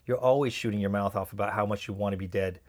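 A man's voice: lowish voice, steady tone, fast, close to an everyday voice. A man reading aloud and voicing a brash young man who mocks his friends in a sing-song. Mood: mocking. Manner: mocking, sing-song taunting.

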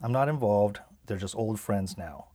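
A man's voice: lowish voice, moderate pace, mellow, lightly acted. A man voicing a curt, defiant old grandpa. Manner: curt, gruff. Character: stubborn defiant retired grandfather.

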